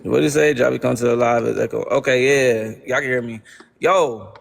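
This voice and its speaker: A man's voice: mid-range voice, brisk, vocal fry. A young man hosting a livestream, ranting to his chat in casual slang and repeating exasperated rhetorical questions. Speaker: livestream host.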